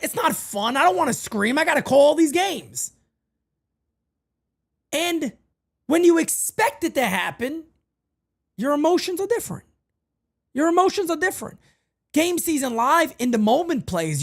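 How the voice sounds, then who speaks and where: Animated, high-pitched male sports host. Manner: animated and emphatic, repeats phrases. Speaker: podcast host. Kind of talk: sports talk rant.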